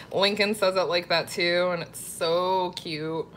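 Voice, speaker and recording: Chatty woman cooking vlogger, lowish voice. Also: fairly even intonation, slow, fairly bright tone, a little hiss or hum. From Florida. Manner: chatty, reads viewer comments aloud. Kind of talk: casual live-stream chat.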